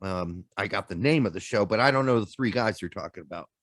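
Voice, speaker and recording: A man's voice: on the low side, fast, fairly bright tone, no room sound, studio quality. A man co-hosting a podcast in casual chat, joking around and swearing freely. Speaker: podcast co-host.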